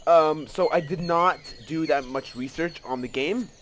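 A man giving casual let's play commentary, excitable and rambling, often gasping and joking at himself. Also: on the high side, measured pace, slight background noise. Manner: excitable, rambling, gasps and self-mocking asides.

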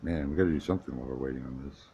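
Low-voiced man muttering through a tutorial. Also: racing, dull audio, slight background noise. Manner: mutters quietly to himself while waiting; slangy, offhand. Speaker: tech tutorial maker. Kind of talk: casual screen-recording tutorial.

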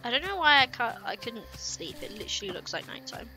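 A woman's voice: a little high, big pitch swings, a little fast. A young woman streamer giving playful, chatty let's-play commentary, talking to herself and her chat. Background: game music.

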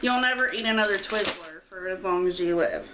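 A woman's voice: medium pitch, brisk, noisy background. A middle-aged woman, chatting casually as she opens a friend's mail package at home. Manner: chatty and gushing, squeals with excitement. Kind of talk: casual unboxing chat. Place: quiet home.

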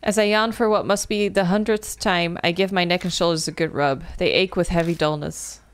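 A woman reading a visual novel aloud as she plays, breaking into loud, animated exclamations and swearing. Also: lowish voice, fairly quick. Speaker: gaming video creator.

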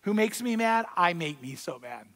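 A man delivers a sermon as pastor, his voice sitting noticeably high for a man. He talks conversationally, repeats his key lines and pushes louder to land a point. The sound carries the long ring of a large church sanctuary. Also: very animated, moderate pace, long reverb tail. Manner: conversational preaching, repeats key phrases, swings louder for emphasis.

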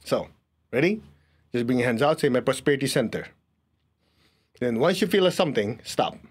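Man, energy healing teacher, husky voice, instructive, guiding a room through exercises. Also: medium pitch, animated, moderate pace. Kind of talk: guided group lesson.

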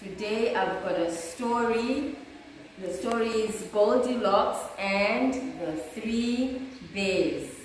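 Teacher lady reading a kids story, slow and sing-songy, echoey room, bit far from mic. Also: on the high side, slight background noise. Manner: slow, animated, expressive reading. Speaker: early years teacher. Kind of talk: storybook read-aloud for young children.

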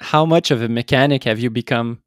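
A man's voice: mid-range voice, brisk, dry recording, studio quality. A male podcast host asking short, conversational questions. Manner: brief, conversational prompts. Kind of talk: interview questions.

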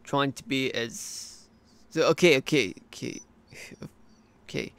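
A man's voice: medium pitch, takes it slowly, a bit bright, clean tone. A man voicing a rambling adult male cartoon interviewee with an Australian accent, full of fillers and restarts, in a hobby cartoon.

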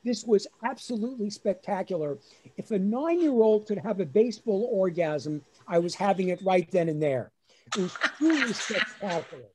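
A man's voice: high voice, moderate pace, slight background noise. Man telling a comic childhood story. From New Jersey. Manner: animated storyteller acting out his dad's voice. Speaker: lawyer and comedian. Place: at home on a webinar. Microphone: video call.

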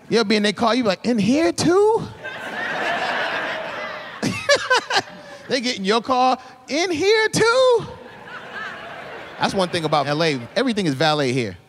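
A man's voice: fairly high pitch, a bit bright. A male stand-up comedian, performing a live set and acting out little scenes in exaggerated voices. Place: comedy club stage. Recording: live club recording with crowd laughter and noise. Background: laughing audience.

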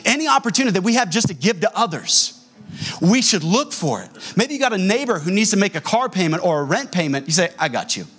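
A man preaching a sermon as a pastor in a church, telling stories in an animated way and acting out the dialogue. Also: high-pitched, quick pace, breathy edge. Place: church sanctuary.

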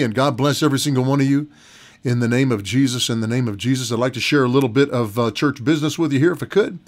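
Folksy pastor, fairly high voice. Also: male voice. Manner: folksy, chatty, laughs often, repeats phrases. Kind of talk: relaxed broadcast sermon.

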